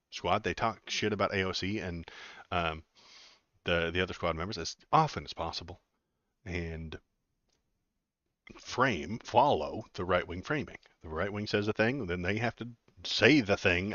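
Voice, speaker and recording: A man's voice: low-pitched, fairly bright tone, no room sound, muffled recording. A man giving casual, sarcastic political commentary on a livestream, rambling with lots of fillers and asides.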